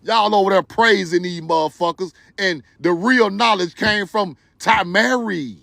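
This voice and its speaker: A man hosting a livestream, talking straight to his viewers in an animated, preachy, joking way with loud bursts of laughter. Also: high-pitched, a little slow, vocal fry, no echo, studio quality. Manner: talks to viewers directly. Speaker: livestream host. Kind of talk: excited livestream commentary.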